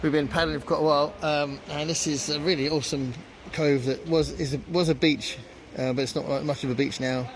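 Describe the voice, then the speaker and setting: A man's voice: a little high, steady tone, fairly quick, few pauses. A man vlogging while out sightseeing, chatty and rambling with many fillers, talking to a handheld camera. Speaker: travel vlogger. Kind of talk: casual vlog narration to camera. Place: outdoors, sightseeing on foot and by water. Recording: outdoor noise behind voice.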